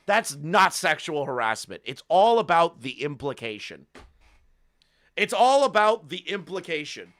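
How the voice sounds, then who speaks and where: A man's voice: on the high side, very animated, moderate pace, bright, forceful tone, no echo. A man streaming live, reacting to a call with crude, mocking commentary and frequent laughter. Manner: profane, mocking, laughs often.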